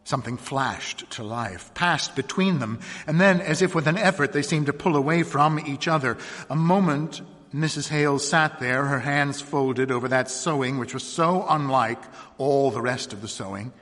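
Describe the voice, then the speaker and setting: A man reading a short story aloud in a measured, expressive narration. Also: mid-range voice, long reverb tail. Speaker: reader.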